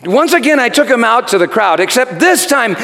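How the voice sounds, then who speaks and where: A haunted Roman governor confesses his guilt in a high, restless voice, as a man acts him out on stage. His delivery lurches from shouted outbursts to hushed whispers, with the pitch leaping all over. A long church-hall reverb trails every phrase. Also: very animated, fairly quick, gravelly, heavily acted. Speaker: preacher performing a character monologue. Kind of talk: dramatic first-person monologue.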